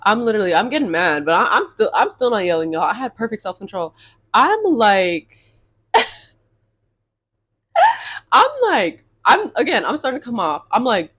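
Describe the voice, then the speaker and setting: Animated young woman ranting a storytime. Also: mid-range voice, normal speed, long pauses, slightly rough. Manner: animated, exasperated, swears, addresses viewers as y'all. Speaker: storytime vlogger. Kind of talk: casual storytime rant.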